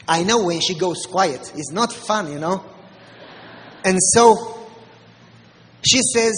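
Very high-voiced Romanian-accented preacher. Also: male voice, unhurried, pauses often, big-room sound, slight background noise, poor audio. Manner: animated, with mimicked voices and sound effects. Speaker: pastor. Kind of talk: storytelling sermon.

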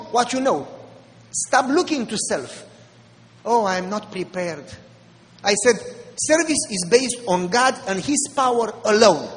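A man with a Romanian accent, a pastor preaching an animated storytelling sermon with mimicked voices. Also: very high-pitched, big-room sound, low-quality recording.

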